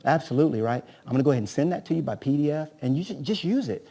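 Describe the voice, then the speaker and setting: Coaching man with a mellow, higher voice. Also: lively intonation, rapid-fire, vocal fry. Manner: rhetorical, keeps asking "right?"; acts out agent-seller dialogues. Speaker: real estate coach. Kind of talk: live seminar teaching.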